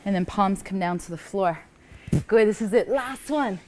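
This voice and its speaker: Soft-spoken woman leading a yoga class. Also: mid-range voice, moderate pace, slight background noise. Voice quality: calm, encouraging cueing, often soft. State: slightly out of breath. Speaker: yoga teacher. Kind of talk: guided yoga class instruction.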